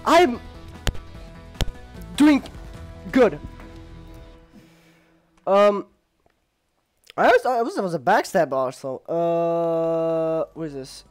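A man's voice: on the high side, extremely slow, pauses often, faint music behind. Young man rambling over a shooter game. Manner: rambling, filler-heavy, jokey, bursts of excited yelling. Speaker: gamer. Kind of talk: casual gameplay commentary.

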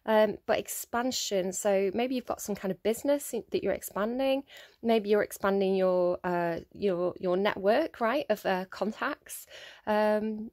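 A woman's voice: mid-range voice, unhurried, darkish tone. A woman giving a casual solo tarot reading, thinking aloud with many fillers and restarts. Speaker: tarot reader.

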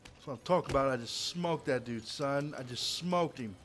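A young man giving excited, profane let's play commentary, often shouting as he plays. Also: mid-range voice, normal speed, a little hiss or hum. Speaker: gamer.

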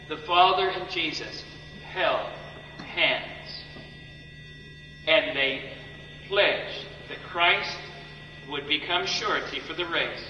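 A man with a fairly high, very bright voice preaches with fervent, dramatic force, often repeating himself for emphasis. He is recorded from far off in a long-reverb hall. The sound is dull, with a faint hum underneath. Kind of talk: sermon.

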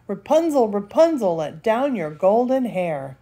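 A woman's voice: medium pitch, big pitch swings, unhurried, dark tone, slightly rough. A grandmother voicing a wicked old witch in a storybook, with a screeching call. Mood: shrill calling.

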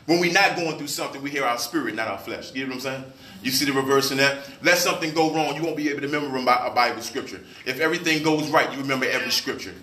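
A man's voice: mid-range voice, rapid-fire, sharp tone, slight background noise. A man, a pastor, preaching a sermon, asking his congregation questions in call-and-response style. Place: church. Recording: echoey room, mic at a distance.

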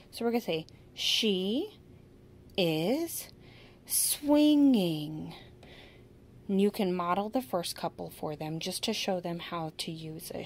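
A woman demonstrating a sentence-building activity for children, modeling each phrase slowly and with strong emphasis in an upbeat teaching manner. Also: fairly low pitch. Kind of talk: instructional demonstration.

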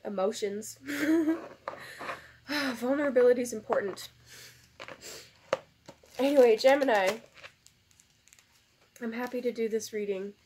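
A woman's voice: on the high side, fairly even intonation, a little slow, long pauses, a little hiss or hum. A woman tarot reader in a casual vlog, emotional and teary, sighing and laughing as she rambles gratefully. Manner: soft, rambling, many fillers. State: tearful.

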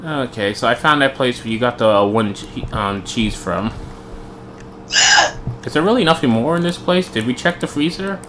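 A man's voice: medium pitch, lively intonation, normal speed, a bit bright. A young man chatting casually while playing a video game, joking and easily startled. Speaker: gamer. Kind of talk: casual gameplay chat. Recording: faint background noise.

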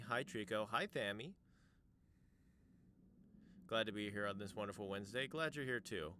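A man's voice: medium pitch, a little hiss or hum. A man streaming a game live, chatting playfully with viewers and laughing often. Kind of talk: casual live-stream chat while playing. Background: loud game music.

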